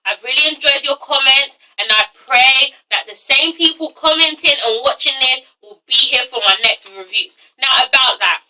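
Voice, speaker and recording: Bright-voiced London woman with a cold. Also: high-pitched, normal speed, hardly any pauses, recorded from a distance, poor audio. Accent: London English. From London, England. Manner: chatty and blunt, swears freely. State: has a cold and cough. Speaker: vlogger reviewing TV shows. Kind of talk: casual vlog review.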